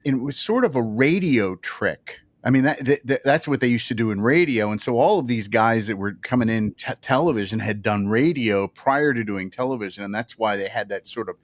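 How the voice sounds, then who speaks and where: A man co-hosting a podcast livestream, talking casually in a halting, rambling way. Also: on the low side, no echo. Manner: rambling, halting, many restarts. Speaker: podcast co-host.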